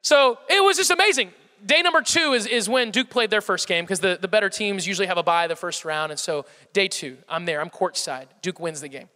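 Young male storyteller, high and bright, self-mocking and animated, heard in a reverberant hall. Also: fairly quick. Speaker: speaker addressing a live audience. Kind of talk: comic storytelling talk.

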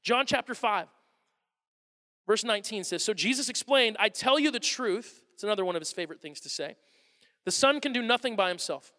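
A man in his thirties preaching a sermon as a pastor, animated and acting out quotes in different voices. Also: sits high, fairly quick. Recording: long reverb of a large hall.

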